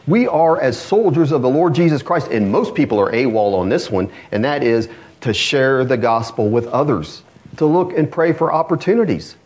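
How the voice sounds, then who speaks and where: A man preaching a sermon to his congregation, animated and asking rhetorical questions. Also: mid-range voice, normal speed. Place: church congregation.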